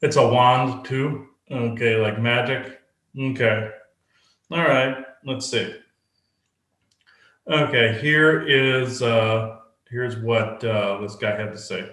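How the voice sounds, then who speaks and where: A man describing beings he sees in a channeling session, speaking in a halting, searching way. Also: medium pitch, steady tone, a bit bright. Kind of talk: casual spoken channeling session. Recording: roomy echo.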